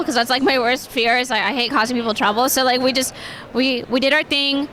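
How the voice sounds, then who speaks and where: A woman's voice: sits high, steady tone, a little fast, pushed and bright, slight background noise. A young woman answering interview questions at a convention in a chatty way, with many fillers and frequent laughs. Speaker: cosplayer guest.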